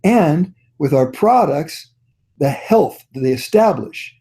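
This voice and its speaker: A man's voice: a little high, lively intonation, takes it slowly, mellow. A man leading a network marketing training on a call, telling stories in a folksy, upbeat, encouraging way. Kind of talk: motivational training talk on a conference call.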